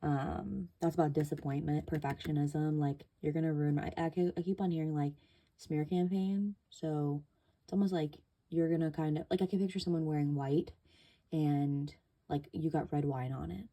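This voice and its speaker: A woman's voice: low-pitched, steady tone, moderate pace, warm tone. A woman giving a casual tarot reading, chatty and loose, with many fillers and casual swearing. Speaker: tarot reader.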